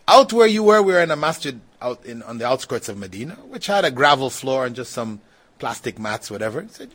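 A man giving a relaxed religious lesson, talking conversationally, laughing now and then and often saying "you know". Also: medium pitch, fairly quick. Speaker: Islamic teacher. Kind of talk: religious lecture with questions.

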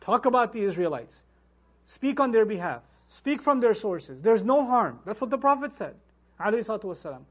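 A man with a high, light voice delivers a religious lecture at a quick clip. He is animated and rhetorical, firing off questions and weaving Arabic verses into his explanations as a Quran teacher.

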